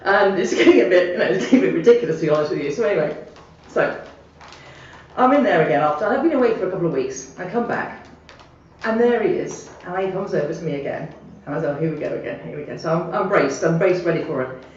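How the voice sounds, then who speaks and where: A woman's voice: fairly low pitch, quick pace, a little hiss or hum. Chatty woman recounting an anecdote, muffled and distant in a very echoey room. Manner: chatty, animated, laughing at her own story. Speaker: storyteller sending a voice message. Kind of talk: casual spoken anecdote. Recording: echoey, muffled playback heard from afar.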